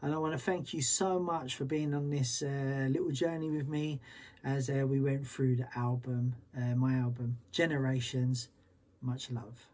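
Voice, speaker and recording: A man's voice: medium pitch, steady tone, moderate pace, a little mellow. Upbeat man DJ signing off. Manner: upbeat, chatty, loose and slangy. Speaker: DJ and show host. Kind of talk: casual livestream chat.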